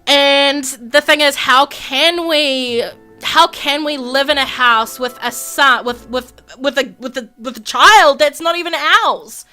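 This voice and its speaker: A young woman hosts a gaming video, giving excited let's-play commentary on a life-sim game. Her high voice is sharp and slow, set against faint music. She gasps dramatically, repeats herself a lot, and acts out the characters' quarrels.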